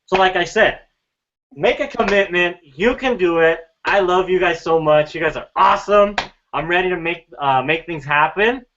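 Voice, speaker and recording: A man's voice: high-pitched, normal speed, fairly bright tone. A man giving an earnest motivational talk to a group, full of rhetorical questions. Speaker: mastermind group member. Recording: dull lo-fi sound.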